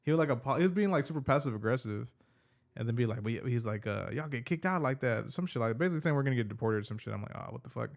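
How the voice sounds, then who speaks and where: Fast-talking man telling a story. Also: medium pitch, creaky. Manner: animated storyteller, swears a lot, slangy. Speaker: podcast host. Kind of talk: casual chat.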